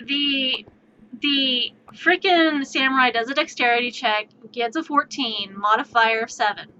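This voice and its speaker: Woman streamer, animated, exasperated, swearing, bright voice, dull lo-fi audio. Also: high voice, measured pace, slight background noise. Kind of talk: live-stream storytelling.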